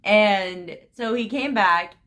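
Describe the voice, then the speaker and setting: A young woman from the United States telling a story to her camera in a giggly, animated, gushing way. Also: medium pitch, slow pace. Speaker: vlogger.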